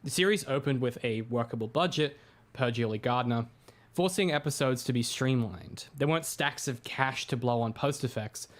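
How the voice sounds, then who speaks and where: A man's voice: medium pitch, normal speed. Man reading aloud with casual asides. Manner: reads steadily, drops into chatty asides with filler "uh"s. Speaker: co-host reading his own book aloud. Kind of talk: casual read-through with asides.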